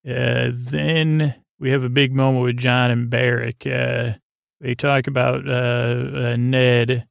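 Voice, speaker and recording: A man's voice: mid-range voice, flat delivery, slow, gravelly, dry recording. A man hosting a podcast, recapping a TV episode in a rambling, casual way with lots of fillers. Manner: rambling, loose paraphrase with many fillers.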